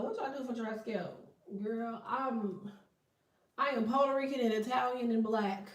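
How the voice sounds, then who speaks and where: A woman's voice: medium pitch, a little mellow. Blunt, profane woman reading tarot. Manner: blunt, profane, laughing asides. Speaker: tarot reader. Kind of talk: casual tarot reading livestream. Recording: echoey room, distant from mic.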